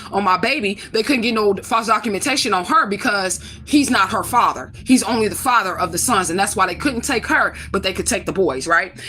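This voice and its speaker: A woman's voice: medium pitch, bright, forceful tone, slightly rough. A woman from St. Louis talking casually to her camera, profane and emphatic, often asking rhetorical questions. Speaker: vlogger.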